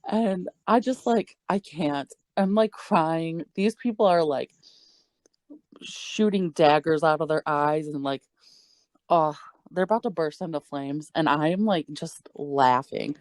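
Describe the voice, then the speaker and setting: A young woman with a deep voice co-hosts a podcast, telling a story in casual chat at a slightly slow pace, recorded dry. She's animated, swears freely and laughs as she goes.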